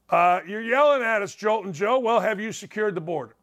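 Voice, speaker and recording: Male talk host with a high-set voice, sarcastic and combative, firing off rhetorical questions. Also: expressive, a little fast, hardly any pauses, a bit bright. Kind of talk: opinionated commentary.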